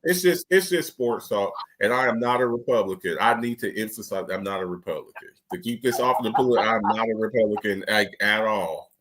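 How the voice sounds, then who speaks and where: A man's voice: fairly low pitch, fairly quick, hardly any pauses. A man on a late-night sports talk show, arguing emphatically and repeating his points. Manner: animated, emphatic, repeats himself. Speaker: show regular.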